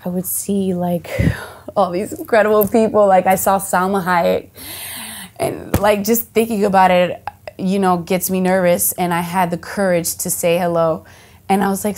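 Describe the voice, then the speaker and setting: An actress from the United States of Dominican heritage, chatting casually in an interview, full of fillers and restarts and lively quoted voices. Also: female voice, mid-range voice, normal speed. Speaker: actress and singer, guest.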